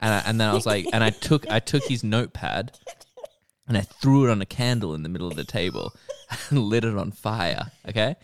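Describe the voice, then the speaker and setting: A man's voice: on the low side, a little fast, slight background noise. A young man co-hosting a podcast, telling stories with lots of swearing. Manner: animated storyteller, swears freely. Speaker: podcast co-host. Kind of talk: casual chat.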